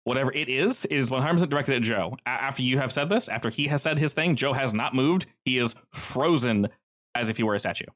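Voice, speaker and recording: A man running a tabletop game as game master, his mid-range voice unhurried and measured. He paints scenes with ominous, deliberate narration. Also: mid-range voice, a bit bright. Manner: slow, ominous descriptive narration.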